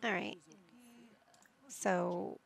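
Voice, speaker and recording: A woman's voice: fairly low pitch, steady tone, very slow, vocal fry. A woman gaming YouTuber giving chatty let's play commentary, narrating each move she picks. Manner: chatty, narrating her own game moves.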